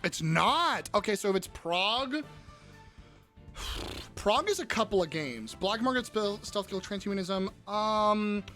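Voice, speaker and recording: A man's voice: high voice, lively intonation, measured pace, bright, forceful tone, soft background music. A young man live-streaming in casual chat, crudely joking and riffing on messages from his viewers.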